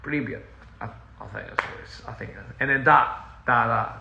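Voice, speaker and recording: A man's voice: mid-range voice, normal speed, vocal fry, lo-fi sound. A man chatting casually on a phone livestream from inside a house, rambling, easily sidetracked and laughing often. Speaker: touring musician on a livestream. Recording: roomy echo with faint hiss.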